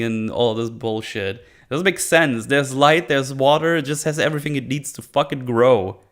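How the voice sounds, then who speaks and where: A man's voice: medium pitch, normal speed, hardly any pauses, fairly bright tone. A man ranting through a casual review with lots of swearing and sarcasm, mocking characters in put-on voices. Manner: profane, sarcastic, mocks characters in silly voices. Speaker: video reviewer.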